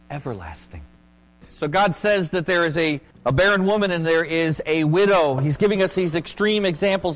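Man preaching in a reverberant hall. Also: high voice. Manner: preaching with big swings between loud emphatic peaks and hushed, slowed asides. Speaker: pastor. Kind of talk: sermon.

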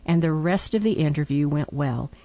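Female radio co-host reading a letter on air, lowish voice, good-humored, dry muffled studio sound. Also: animated, normal speed. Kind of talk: reading a listener letter aloud.

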